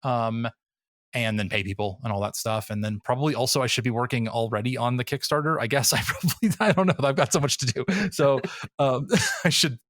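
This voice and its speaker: A man's voice: mid-range voice, a little fast, a bit bright, no room sound, studio quality. A man hosting a podcast in casual chat, rambling with many fillers and frequent laughs. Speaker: podcast host.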